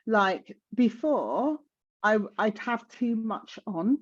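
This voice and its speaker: A woman's voice: a little high, animated, slow, dull audio. A middle-aged woman with a South London accent, talking frankly and with energy in a casual conversation as a guest. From South London, England.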